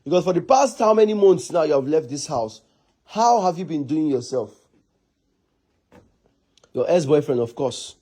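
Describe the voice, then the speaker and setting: A young man with a Nigerian accent, angrily scolding and shouting in a Nollywood drama scene. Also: a little high, animated, moderate pace, pauses often. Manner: angry, scolding, repetitive. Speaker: actor.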